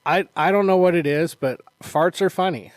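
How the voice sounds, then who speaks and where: A man with a fairly high voice tells a funny story on a casual podcast. He acts out the quotes and laughs as he goes. His voice sounds dry and close to the mic. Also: moderate pace, no room sound. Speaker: podcast co-host, martial arts instructor. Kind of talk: casual chat.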